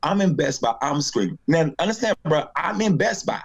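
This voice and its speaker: A man's voice: a little high, a little fast, vocal fry, muffled recording. A man from North Carolina, a comedian telling a story in a casual interview and acting out the voices of the people in it. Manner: animated storyteller, acts out voices. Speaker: guest comedian.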